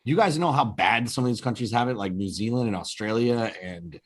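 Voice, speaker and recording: A man's voice: mid-range voice, fairly quick, slightly rough. A man in casual political chat on a video call, earnest and full of fillers, repeating himself for emphasis.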